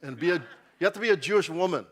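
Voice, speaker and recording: A man's voice: on the high side, expressive, quick pace, slightly rough. A man teaching an informal Bible class in a church. He is chatty and keeps checking in with the class as he goes.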